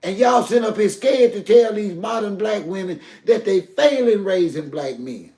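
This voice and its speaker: A man's voice: sits high, expressive, moderate pace, dark tone, echoey room. An older man, talking heatedly and directly to his live stream chat. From Southern US. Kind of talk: emotional live stream talk.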